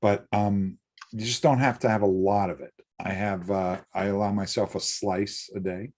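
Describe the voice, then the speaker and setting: Relaxed chatty man, low voice. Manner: relaxed, chatty, some halting restarts. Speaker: co-host. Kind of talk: casual chat.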